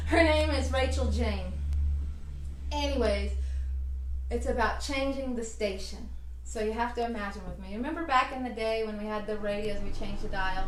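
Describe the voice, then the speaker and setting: Woman, vlog host, upbeat casual advice, high voice, roomy echo. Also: a little hiss or hum. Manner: chatty, enthusiastic, upbeat. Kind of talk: casual self-help advice. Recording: roomy, distant mic.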